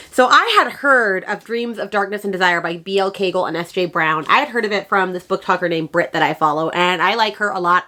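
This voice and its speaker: A woman's voice: mid-range voice, fairly bright tone. A woman book vlogger chatting casually and enthusiastically, gushing and rambling with fillers as she shows her book haul.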